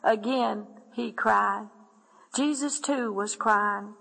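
Recorded at low quality in a large hall, a woman earnestly narrates a dramatic religious testimony, often speaking directly to listeners and calling them "my friend." Her voice is medium-pitched, slow and gravelly, pushed and bright.

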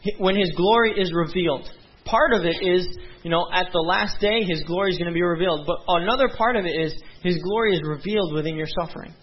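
A man's voice: high-pitched, quick pace, breathy edge. A young man preaching a sermon as a pastor, earnest and conversational, with frequent asides to the congregation. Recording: dull lo-fi sound.

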